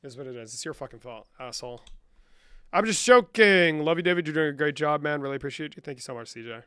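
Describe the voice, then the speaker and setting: Speaking at a racing clip in a medium-pitched, slightly bright, smooth voice with no echo, this young man hosts a casual live stream. He trades profane jokes with his audience, drifts between Spanish and English, and reads chat questions aloud before answering them.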